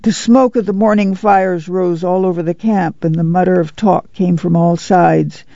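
Gravelly man reading a novel. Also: sits high, steady tone, dark tone, dry recording, highs cut off. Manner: measured, unhurried storytelling. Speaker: audiobook narrator. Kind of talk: scripted novel narration.

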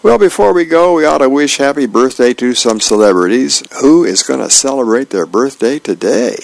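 A volunteer reader, a man with a medium-pitched voice and vocal fry, reads the newspaper aloud for a radio reading service. His delivery is plain and unhurried with small hesitations, and the audio quality is poor.

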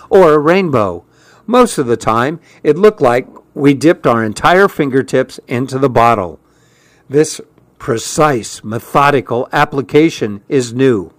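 Slow, measured male audiobook narrator. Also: mid-range voice, no echo. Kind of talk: scripted first-person narration.

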